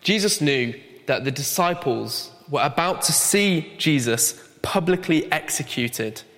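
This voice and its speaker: Young man, fairly high voice, earnest conversational sermon with gentle humor, long hall echo. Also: expressive, unhurried. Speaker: preacher.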